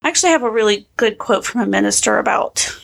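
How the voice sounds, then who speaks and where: A young pregnant woman chatting casually and telling lively stories, acting out what people said. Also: mid-range voice, quick pace, vocal fry. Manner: animated storyteller, acts out quotes. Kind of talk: casual chat.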